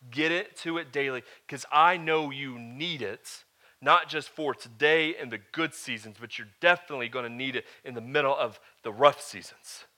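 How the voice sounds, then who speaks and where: A man preaching as a pastor, moving from loud, emphatic lines to quieter, earnest teaching and asking his listeners "all right?". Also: medium pitch, moderate pace. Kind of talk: sermon.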